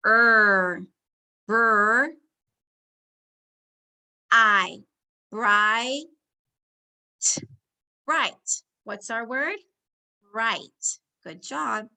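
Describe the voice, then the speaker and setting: A woman teacher, slowly leading young children through a phonics lesson, sounding out words and giving warm encouragement. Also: on the high side, lively intonation, vocal fry.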